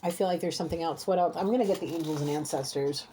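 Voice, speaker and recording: A woman's voice: sits low, fast talker, background noise. A woman giving a heated spiritual card reading, scolding emphatically and repeating herself as she rants. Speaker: intuitive card reader.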